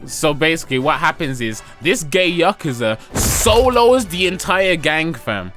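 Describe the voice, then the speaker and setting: A man recapping a manga on a casual comedy podcast, slangy and animated, with lots of "like" and "fam". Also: measured pace, soft background music. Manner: animated, slangy, jumps into high squeaky voices for characters.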